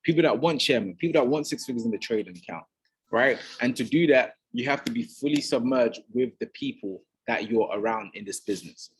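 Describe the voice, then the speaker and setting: A man's voice: medium pitch, lively intonation, brisk, a little hiss or hum. A man giving an emphatic motivational talk as a business mentor, often checking in with "right?". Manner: emphatic, keeps adding "right?".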